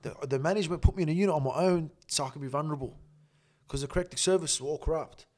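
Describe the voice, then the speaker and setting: A man telling a story in a casual interview, animated and full of slang and swearing. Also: a little high, very fast. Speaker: guest.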